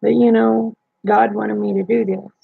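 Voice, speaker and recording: A woman's voice: mid-range voice, flat delivery, moderate pace, gravelly, slightly rough, no echo. A woman hosting a livestream, telling a personal story in a plain-spoken way and retelling the dialogue. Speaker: livestream host. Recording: dull lo-fi dry sound.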